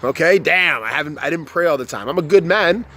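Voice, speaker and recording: A young male vlogger delivers an unscripted motivational rant to camera in a fairly high, animated, brisk voice with a sharp edge. He swears a lot, repeats himself, and keeps stumbling and restarting sentences as he grows more heated.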